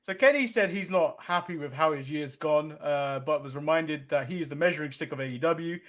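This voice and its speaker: Um homem, co-apresentador de podcast, em conversa descontraída, rindo muito e resumindo os acontecimentos. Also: male voice, a little high, brisk, fairly bright tone. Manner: giggly, recaps plainly. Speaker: podcast co-host. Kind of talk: casual chat.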